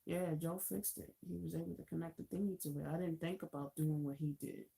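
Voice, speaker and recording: A woman's voice: low-pitched, fairly even intonation, brisk, creaky, mellow. A woman live-stream host casually telling a long anecdote, chatty and laughing easily. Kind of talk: casual storytelling.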